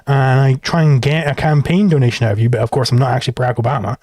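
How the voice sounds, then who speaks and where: A man hosting a live stream, arguing his case quickly, with frequent restarts and laughter. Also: mid-range voice, steady tone, a little mellow, dry recording, studio quality. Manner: quick, argumentative, laughs often, stumbles into restarts. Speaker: host.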